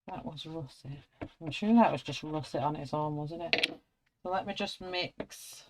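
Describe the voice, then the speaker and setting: A woman's voice: deep voice, unhurried, heavy background noise. A middle-aged woman with a British accent, chatting casually and narrating her work as she colours. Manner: chatty, self-narrating, friendly. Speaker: colouring artist. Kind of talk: casual chat while colouring.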